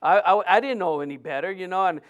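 A middle-aged man preaching a sermon, telling a personal story in a lively way with many restarts and fillers. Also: high-pitched, fast, highs cut off.

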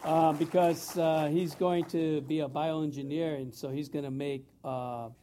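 A man's voice: a little high, little pitch movement, unhurried, dark tone, a little hiss or hum. A man emceeing an event, making playful, teasing remarks. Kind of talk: joking remarks.

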